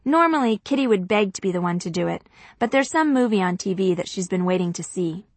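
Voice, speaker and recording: A woman's voice: medium pitch, expressive, fairly quick, no echo. A woman narrating a first-person audiobook in a chatty, confiding way.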